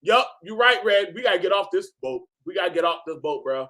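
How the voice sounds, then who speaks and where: A man hosting a reaction video, talking casually and profanely, often bursting into shouts. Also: high voice, animated, brisk.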